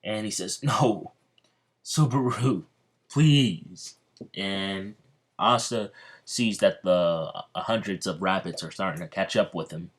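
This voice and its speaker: A man casually narrating a fan-fiction story as a video creator, halting with fillers and restarts. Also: deep voice, fairly even intonation, fairly bright tone.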